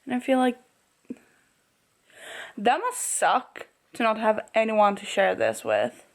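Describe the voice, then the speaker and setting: A woman chatting casually in a reading vlog, gushing and reacting to a story, laughing often and sometimes dropping to a soft murmur. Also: fairly high pitch, big pitch swings, slow, vocal fry. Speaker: book vlogger.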